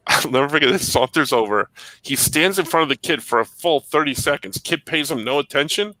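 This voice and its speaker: Bright-voiced man telling lively stories. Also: on the high side, fairly quick, no room sound, poor audio. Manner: animated storyteller, laughs often. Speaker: comic shop podcast co-host. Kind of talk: casual storytelling chat.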